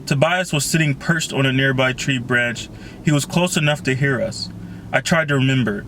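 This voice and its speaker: A man's voice: mid-range voice, normal speed, fairly bright tone, slight background noise, low-quality recording. A man reading a novel aloud in an unpolished, casual way, with the odd slip and restart. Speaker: reader.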